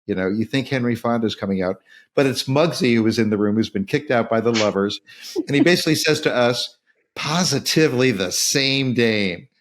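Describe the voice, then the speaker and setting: A man's voice: medium pitch, quick pace, a little hiss or hum. A man hosting a casual film discussion podcast, talking with enthusiasm and acting out the quoted lines. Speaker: podcast host.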